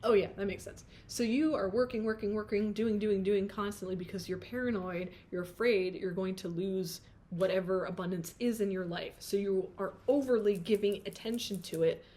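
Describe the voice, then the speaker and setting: A woman's voice: medium pitch, normal speed, hardly any pauses, warm tone. A woman doing a pick-a-card tarot reading, chatty and playful, often breaking off mid-thought and laughing at herself. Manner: chatty, self-interrupting, sings snatches of song.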